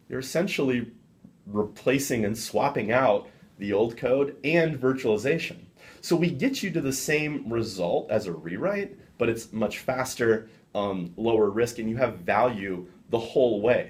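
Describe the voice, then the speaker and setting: A man interviewed as a software director, explaining at length in a measured way with frequent fillers. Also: on the low side. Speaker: guest, software development director. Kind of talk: business interview.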